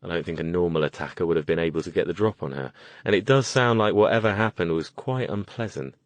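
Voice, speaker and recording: A man's voice: low voice, fast, dry recording. A man voicing a composed, polite British mage with a clipped, understated way of talking. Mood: measured.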